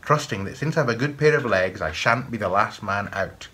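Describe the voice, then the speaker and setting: A man's voice: lowish voice, lively intonation, moderate pace, fairly bright tone, husky. A man with a Scottish accent voicing a cunning, bold young lad, cheeky and eager. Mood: wily.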